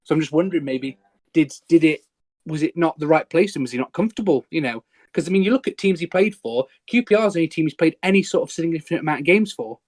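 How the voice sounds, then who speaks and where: A man hosting a casual podcast chat, hesitant with fillers and quick laughs. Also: a little high, darkish tone, no room sound. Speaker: podcast host.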